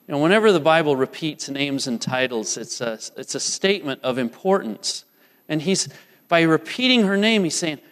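Earnest preacher in a reverberant hall. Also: male voice, a little high, animated, measured pace, a bit bright. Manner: earnest, asks the congregation repeated questions. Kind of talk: sermon. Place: church.

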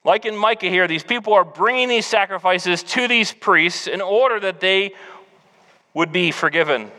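A man's voice: high voice, normal speed, bright, forceful tone, in a large hall. A man preaching an earnest, exhorting sermon as pastor.

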